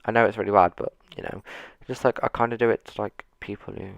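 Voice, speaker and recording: A man's voice: fairly low pitch, level tone, fast talker, vocal fry, no room sound, lo-fi sound. A man giving casual, rambling commentary on a video game, with self-mocking, dryly sarcastic asides, seated at his computer. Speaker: gaming YouTuber.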